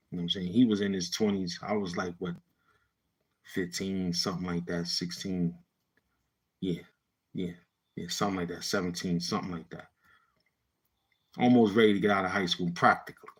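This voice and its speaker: A man with a New York City accent tells a neighborhood story in easygoing street slang and acts out the voices of his old friends. His voice sits low and carries a husky, breathy edge. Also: a bit bright. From Brownsville, Brooklyn, New York. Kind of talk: casual storytelling.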